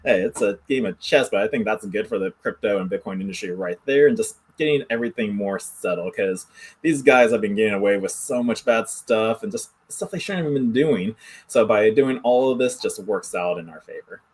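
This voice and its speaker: A man's voice: on the low side, fairly quick, slightly rough. A man hosting a casual crypto news show, reading and commenting in a loose, rambling way with some restarts.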